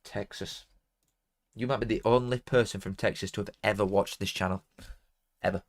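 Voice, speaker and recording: Talking a little fast in a lowish voice with fairly even intonation, a young man with a Barnsley accent hosts a live football watchalong. The South Yorkshire native reads out donations while rambling casually and poking fun at himself in broad dialect grammar.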